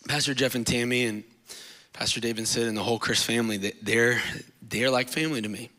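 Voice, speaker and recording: A man's voice: mid-range voice, fairly even intonation, brisk, pushed and bright. A man in his thirties preaching a sermon in a church, emotional and rambling, getting tearful at times. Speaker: guest preacher. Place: church stage.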